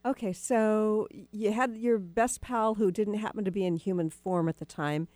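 A woman's voice: medium pitch, normal speed, a little mellow, no echo. A woman hosting an interview, attentive and giving frequent short affirmations. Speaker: host. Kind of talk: interview questions.

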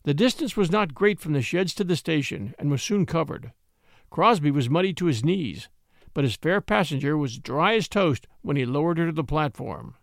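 Expressive male storyteller, close and dry. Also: a little high, moderate pace, no echo. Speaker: narrator. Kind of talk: scripted storybook narration.

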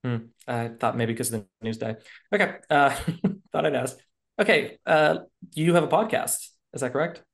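Guy hosting a podcast, joking around, mid-pitched, loose and chatty. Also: animated, normal speed, vocal fry. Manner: jokey, loose, with fillers and laughs. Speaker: podcast host. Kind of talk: casual interview chat.

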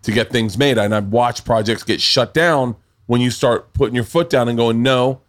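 A man's voice: mid-range voice, fairly even intonation, moderate pace. A man from the American South hosting a podcast, rambling and emphatic, swearing freely in casual chat. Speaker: podcast host.

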